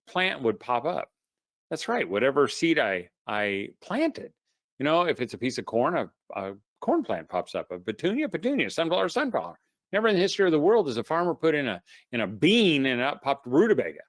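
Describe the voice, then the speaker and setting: A middle-aged man talks to homeschooling parents in a relaxed, motivational webinar style, telling stories with plenty of "you know" along the way. His voice is very lively and moves from loud, high bursts down to low, quiet asides. The recording is dry and close, with no room echo. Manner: folksy storyteller, many "you know" fillers. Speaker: homeschool speaker. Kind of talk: casual motivational webinar talk.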